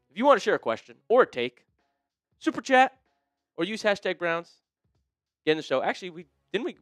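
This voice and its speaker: A man hosting a live sports talk stream, chatting excitedly with viewers and a co-host. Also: no echo. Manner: excitable, jumps up in pitch when fired up. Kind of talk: livestream sports chat.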